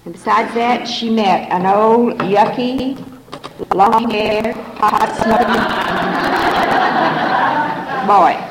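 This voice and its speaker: A woman's voice: on the high side, steady tone, extremely slow, long pauses, echoey room, a crowd in the background, noisy background. An older woman sharing her personal story at a recovery meeting, frank and folksy, with a wry sense of humor. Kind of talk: personal testimony to a meeting audience.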